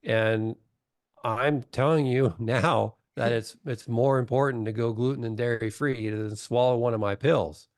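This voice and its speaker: A man's voice: mid-range voice, steady tone, measured pace, dry recording, clean studio sound. A middle-aged man talking bluntly in a casual webinar chat on a video call, telling stories and acting out what people said. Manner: blunt, storytelling, acts out quotes. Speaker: doctor, webinar guest.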